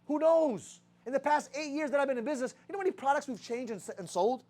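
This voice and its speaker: A man's voice: extremely high pitch, animated, fast, a little mellow. A young man leading a sales team, giving a profane motivational talk full of rhetorical questions. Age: young adult. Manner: rhetorical questions, heavy swearing.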